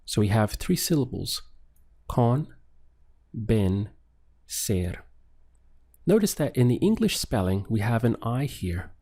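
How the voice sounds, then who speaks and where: Slow, mellow-voiced male language teacher. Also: lowish voice. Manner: slow, patient, repeating phrases for the learner. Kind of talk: paced language lesson with pauses for practice.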